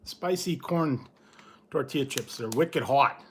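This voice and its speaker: Slow, bright-voiced male snack vlogger. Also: mid-range voice, a little hiss or hum. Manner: laid-back, chuckles often, trails off. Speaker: food review vlogger. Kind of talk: casual snack review.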